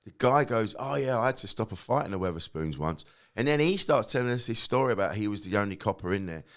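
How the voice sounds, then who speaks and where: A middle-aged man, a guest comedian telling lively anecdotes and acting out quotes, swearing freely. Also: lowish voice, fast.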